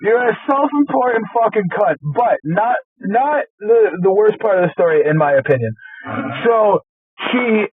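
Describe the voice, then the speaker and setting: A man's voice: high-pitched, expressive, normal speed, a little hiss or hum. A man co-hosting a podcast, telling a heated, profane work story, stammering and restarting as he goes. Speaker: podcast co-host. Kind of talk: casual storytelling chat. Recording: tinny lo-fi phone-like sound.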